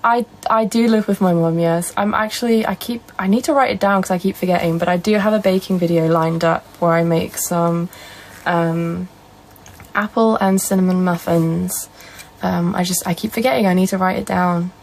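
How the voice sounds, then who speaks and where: A woman's voice: lowish voice, steady tone, moderate pace, a little hiss or hum, poor audio. A young woman with a Northern English accent, casually chatting on a live stream and answering viewer comments. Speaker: livestreamer.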